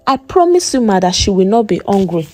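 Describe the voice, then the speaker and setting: A woman's voice: mid-range voice, big pitch swings, brisk, darkish tone, soft background music. A woman voicing an earnest twenty-year-old young man pleading to be accepted as a suitor.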